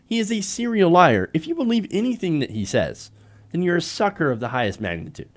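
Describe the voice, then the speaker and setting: A man's voice: fairly high pitch, very animated, a little fast. Sarcastic male political show host. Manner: sarcastic, laughing, emphatic. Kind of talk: political commentary on a live online show.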